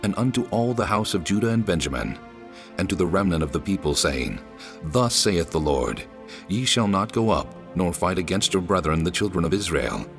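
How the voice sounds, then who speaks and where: A deep solemn prophet. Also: male voice, lively intonation, moderate pace, faint music behind. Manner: solemn proclaiming. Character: solemn prophet, man of God. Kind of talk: dramatized scripture reading.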